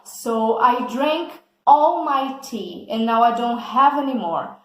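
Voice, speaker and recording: Woman teacher, slow and patient, slightly high voice, echoey room, checks in often with "okay?". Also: fairly bright tone. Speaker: English teacher. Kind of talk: explaining vocabulary in an English lesson.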